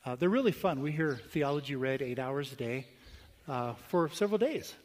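Pastor preaching in a reverberant hall. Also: male voice, mid-range voice, animated, a little mellow, a little hiss or hum. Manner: conversational, anecdotal, swings between quick asides and slow emphatic phrases. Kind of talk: sermon with storytelling.

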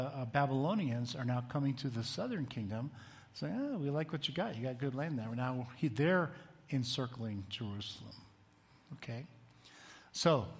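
A man giving a conversational bible teaching, often asking the room questions and raising his voice when he reads scripture aloud. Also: medium pitch. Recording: long hall reverb.

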